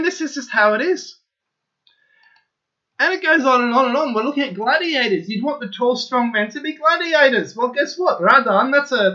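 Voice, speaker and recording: A man with a high, bright voice talks straight to his viewers in an eager, insistent monologue, repeating himself as he presses each point. The recording sounds dull and lo-fi. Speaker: channel host. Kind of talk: opinionated solo monologue to viewers.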